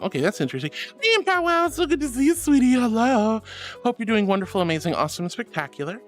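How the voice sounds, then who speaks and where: A woman's voice: on the high side, very animated, quick pace, soft background music. A young woman streaming casually, reading chat aloud and calling viewers sweetie and darling, with frequent giggles in her talk.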